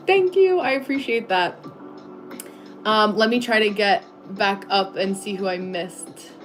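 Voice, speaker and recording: A woman's voice: mid-range voice, takes it slowly, pauses often, over music. A woman from the United States hosting a casual live stream from her home desk, chatting loosely with viewers, full of "like" fillers and frequent laughs. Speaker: livestream host.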